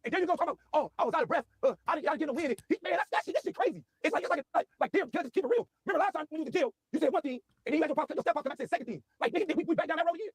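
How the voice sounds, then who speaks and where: A man ranting casually in heavy slang, repeating himself as he talks fast through a story. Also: very high-pitched, lively intonation, no echo, clean studio sound. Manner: rapid, slangy, repetitive. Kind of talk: casual rant.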